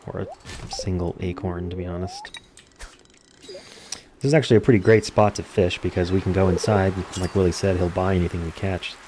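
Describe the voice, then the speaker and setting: A man giving casual let's-play commentary, calmly explaining game mechanics step by step. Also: low voice, moderate pace, noisy background. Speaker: gameplay commentator.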